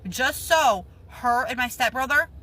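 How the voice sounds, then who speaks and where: A woman speaking straight to camera in a clip, emphatic and deliberate as she states her position. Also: high voice, sharp tone, a little hiss or hum, poor audio. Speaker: social media poster. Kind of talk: direct-to-camera video.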